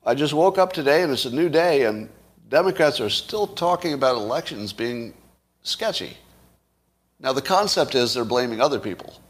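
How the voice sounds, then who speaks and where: Middle-aged man, solo commentary, sarcastic, rhetorical questions, mid-pitched voice. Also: lively intonation, a little fast, breathy edge. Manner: sarcastic, asks the audience rhetorical questions, laughs at his own points. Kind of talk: solo political commentary to camera.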